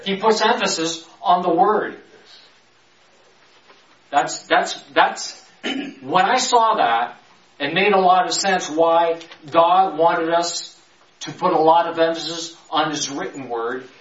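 A man's voice: a little high, a bit bright. Man preaching from a distant mic, roomy. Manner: stretches key words slowly, rushes through asides. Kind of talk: conversational Bible teaching. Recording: roomy, distant, dull sound.

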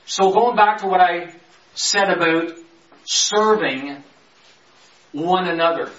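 A man gives a casual Bible teaching, with a higher-than-usual voice for a man. He draws out important words slowly and then hurries through side stories. The sound is dull and roomy, picked up from some distance. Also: a bit bright. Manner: stretches key words slowly, rushes through asides. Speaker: preacher.

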